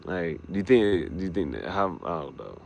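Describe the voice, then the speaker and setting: Low, gravelly man rambling late at night. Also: big pitch swings, moderate pace, slight background noise. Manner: thinks out loud, trails off, lots of restarts and muttering. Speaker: vlogger.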